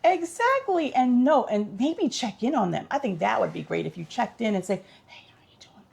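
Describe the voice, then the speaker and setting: A woman's voice: on the high side, very animated, moderate pace, vocal fry, darkish tone, slight background noise. A woman vlogger giving casual tips in an upbeat, chatty, instructive way.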